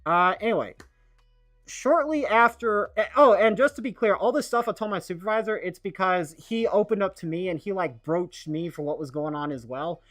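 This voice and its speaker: A man streaming a casual monologue, rambling and halting, full of fillers and restarts. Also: high voice, a bit bright, no echo, faint music behind.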